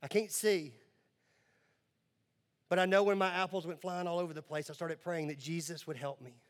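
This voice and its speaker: A man voicing a tearful, earnest fourteen-year-old blind girl in soft, hushed tones. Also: fairly high pitch, steady tone, normal speed, natural voice.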